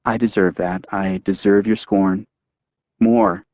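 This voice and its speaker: A man's voice: low-pitched, fairly even intonation, takes it slowly, a little mellow, dry recording, dull audio. A man reading an audiobook, voicing an anxious, guilty woman who pleads in a shaky, raised voice. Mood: pleading.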